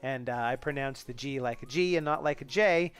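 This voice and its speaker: A man's voice: mid-range voice, a little fast, clear, resonant tone, faint music behind. A man hosting a casual live coding stream, thinking aloud and chatting with viewers in a rambling way, with restarts and asides.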